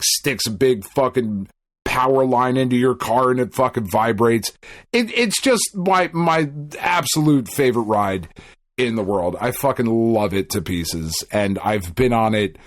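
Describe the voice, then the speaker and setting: Male podcast co-host, thirties, mid-pitched, swears a lot, animated storyteller. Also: dry recording, studio quality. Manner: profane, animated storyteller who acts out quotes. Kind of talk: casual chat.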